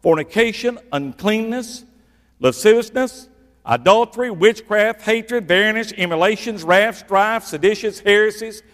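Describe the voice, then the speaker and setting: High-voiced preacher in a reverberant hall. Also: male voice, measured pace. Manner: animated, swings from loud to hushed for emphasis. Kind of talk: sermon.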